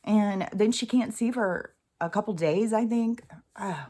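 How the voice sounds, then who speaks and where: A woman's voice: medium pitch, normal speed, darkish tone. A middle-aged woman vents in an unscripted vlog rant. She rambles, sighs and swears as she works herself up, with nervous little laughs between thoughts. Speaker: vlogger.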